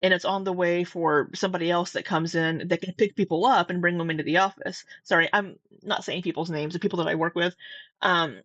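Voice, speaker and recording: A woman's voice: fairly low pitch, steady tone, fairly quick, a bit bright, dry recording. A woman telling a story in a casual vlog, chatty and full of "like" with frequent laughs. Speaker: vlogger. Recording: dull lo-fi dry sound.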